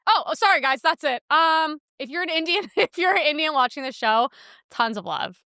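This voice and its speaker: A woman's voice: sits high, lively intonation, moderate pace, bright, forceful tone, dry recording, studio quality. A young woman hosting a podcast in a casual, blunt monologue, full of filler words and crude asides. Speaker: podcast host.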